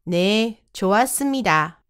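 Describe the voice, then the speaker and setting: Fast-talking woman reading lesson prompts. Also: medium pitch, expressive, fairly bright tone. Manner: reads each short prompt once, crisply. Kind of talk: brisk reading of Korean prompts.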